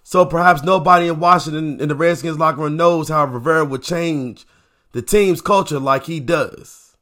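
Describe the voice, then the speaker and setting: A man hosting a casual sports opinion show, talking in an animated, repetitive way and firing off rhetorical questions. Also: a little high.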